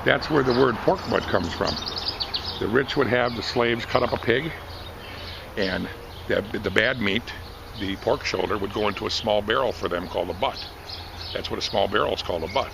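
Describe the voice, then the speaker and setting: A middle-aged man telling a rambling, animated story, casually chatting outdoors at a barbecue competition. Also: fairly low pitch, normal speed, vocal fry, noisy background.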